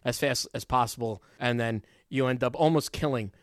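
A man hosting a sports talk radio show, telling stories with loud bursts of excitement. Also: mid-range voice, moderate pace, no echo, studio quality. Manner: animated storyteller, bursts into loud exclamations.

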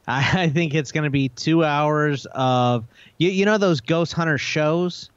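A man's voice: on the high side, unhurried, clear, resonant tone, no room sound, lo-fi sound. A man co-hosting a casual chat, teasing and ribbing his partner with sarcasm. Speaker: podcast co-host.

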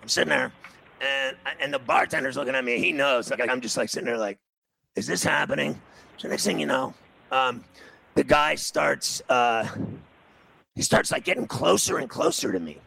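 A middle-aged man tells a casual anecdote and acts out every bit of quoted dialogue. His voice is heavily gravelly and full of fry. It has a bright, forceful edge. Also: mid-range voice, animated, moderate pace, poor audio. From New York City.

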